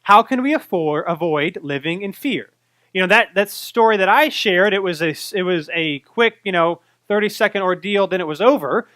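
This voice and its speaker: A bright, high-voiced man in his thirties, a pastor from North Carolina preaching a sermon. He tells stories in an animated way and acts out his own fright. The sound is close and dry, with no room echo. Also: normal speed. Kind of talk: sermon with personal story.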